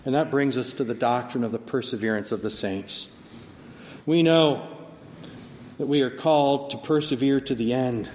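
A man giving a sermon as pastor, preaching dynamically and swinging from soft, slow words to loud emphasis. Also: medium pitch, a little hiss or hum. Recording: long hall reverb, faint ambience.

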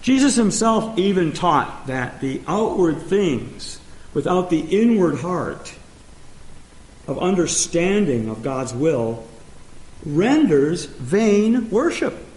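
A man preaching a sermon, speaking emphatically and pausing often as he reads scripture. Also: high-pitched, sing-song, darkish tone. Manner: slow, emphatic preaching with pauses and restarts. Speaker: pastor. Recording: echoey room.

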